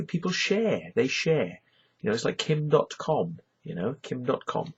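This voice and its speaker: Gravelly Welsh man rambling to camera. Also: mid-range voice, very animated, unhurried, highs cut off. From Wales. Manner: chatty and rambling, full of "you know". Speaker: YouTuber. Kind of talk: casual rambling monologue.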